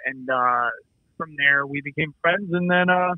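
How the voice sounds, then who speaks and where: A middle-aged man from the Midwest, telling a story as an interview guest in an animated, casual way, acting out dialogue and swearing freely. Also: a little high, moderate pace, no echo. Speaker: actor and producer guest. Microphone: remote call. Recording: dull lo-fi call audio.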